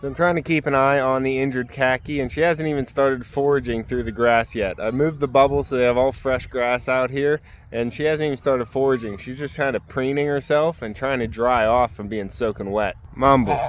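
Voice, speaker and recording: A man vlogging from his homestead barn, talking through his animals' care and chatting softly to his ducks. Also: mid-range voice, fairly even intonation, fairly quick, hardly any pauses, slight background noise. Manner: talks gently to his animals in a raised sing-song voice. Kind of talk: casual vlog narration. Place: outdoors at a barn with farm birds. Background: ducks, geese and chickens honking.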